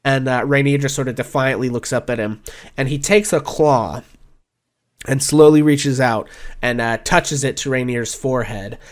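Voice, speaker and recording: Acting as game master for a tabletop game, a man with a mid-range voice narrates in a relaxed, halting way full of filler words.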